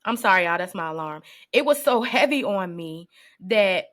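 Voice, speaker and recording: Woman, podcast co-host, bright tone, teary, casual slang, emotional. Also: medium pitch, lively intonation, moderate pace, soft background music. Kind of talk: casual chat.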